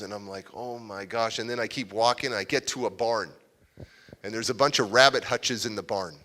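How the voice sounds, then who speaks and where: A male motivational speaker telling a story at a live event in a large hall. He has a bright, forceful voice and an animated way of talking. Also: mid-range voice. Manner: animated, acts out scenes. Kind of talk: storytelling keynote talk. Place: large civic center hall, live audience.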